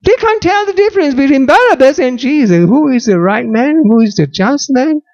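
Preacher, male, animated delivery with gravelly fry, muffled lo-fi sound. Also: extremely high pitch, moderate pace. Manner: dramatic, rhetorical questions. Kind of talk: sermon.

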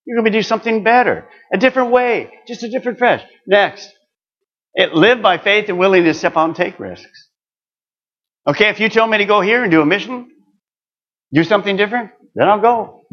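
A man's voice: sits high, brisk, muffled recording. An older man preaching a sermon, earnest and building to emphatic exhortation.

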